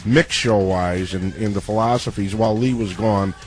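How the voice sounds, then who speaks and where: A male interviewer with a low voice prompts his guests with short questions and keeps the story moving. Faint music runs in the background. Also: normal speed. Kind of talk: casual interview.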